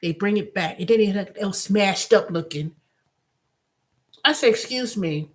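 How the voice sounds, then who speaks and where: A woman hosting her own channel, telling a story in a casual, animated monologue with blunt, profane language. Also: medium pitch, measured pace. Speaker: host.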